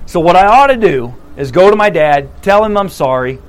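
A man's voice: sits high, animated, normal speed, a little hiss or hum, poor audio. A man voicing a remorseful, hungry young man talking to himself with regret. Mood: regretful.

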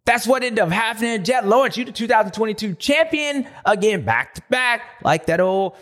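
A man hosting a motocross recap show, talking in a loose, slangy, animated way with loud bursts and low asides. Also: fairly quick, hardly any pauses. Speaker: motocross podcast host. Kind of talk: casual race recap commentary.

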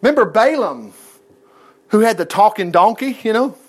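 A man preaching a sermon, retelling a Bible story in a folksy, animated way with quick asides. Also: sits high, slightly rough.

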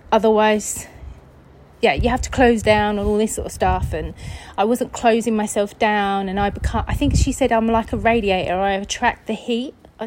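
A woman's voice: a little high, rough recording. Chatty English woman telling a story. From England. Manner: chatty, acts out quoted voices, laughs often. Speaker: podcast host. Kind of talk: casual storytelling.

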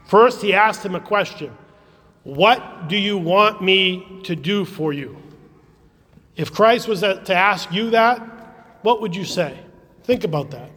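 A man preaching a gentle children's sermon in a church, asking the children questions as he retells a gospel story. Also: sits high. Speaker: priest. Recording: long church reverb.

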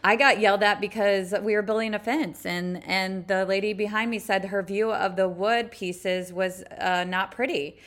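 A woman co-hosting a podcast, telling everyday stories with lots of "like" and animated retelling. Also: medium pitch, moderate pace, hardly any pauses. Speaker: podcast co-host. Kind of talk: casual storytelling chat.

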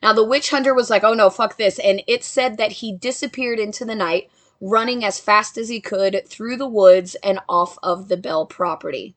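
A woman's voice: mid-range voice, normal speed. Chatty woman telling a ghost story. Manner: chatty, joking asides to listeners. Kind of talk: casual storytelling narration.

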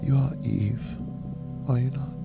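A man voicing a seductive male devil who flatters and coaxes in hushed tones, in whispered role-play. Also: medium pitch, unhurried, creaky, over loud music, voice pushed up.

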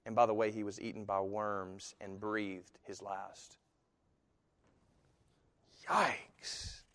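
Pastor preaching in a reverberant hall. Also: male voice, fairly low pitch, level tone. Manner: dramatic swings from hushed to loud, slow emphatic phrasing. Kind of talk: sermon. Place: church sanctuary.

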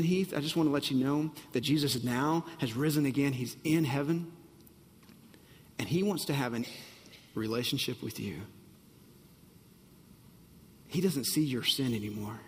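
A man's voice: mid-range voice, a little slow, long pauses, big-room sound, slight background noise. A man preaching a sermon, emphatic and repetitive, often asking the congregation if they are ready. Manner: emphatic, repeats phrases, asks the audience if they're ready. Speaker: pastor.

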